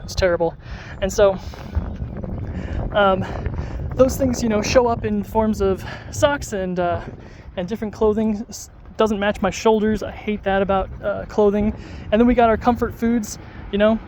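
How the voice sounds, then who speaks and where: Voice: mid-range voice, darkish tone, a little hiss or hum. An adult vlogger talking casually to the camera while out on a dog walk, rambling with lots of fillers and restarts. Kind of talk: casual vlog talk to camera.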